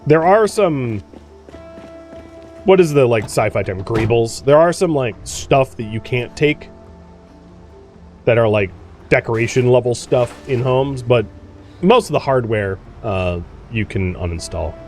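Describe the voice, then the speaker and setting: Lively chatty man commenting on gameplay. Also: mid-range voice, a little slow, pauses often, faint music behind. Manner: chatty, exclaims and grumbles at the game. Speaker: let's play host.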